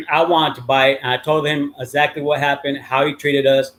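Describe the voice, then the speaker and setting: A man's voice: a little high, little pitch movement, moderate pace, a bit bright. A middle-aged man telling a long story in a casual, rambling way, swearing freely and filling gaps with many ums and uhs. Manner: profane, rambling with many fillers. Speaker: livestream host.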